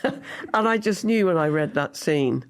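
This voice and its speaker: Older woman telling lively anecdotes. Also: fairly low pitch, a little slow. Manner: animated anecdotes with frequent laughter. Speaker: guest actress. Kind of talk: podcast interview.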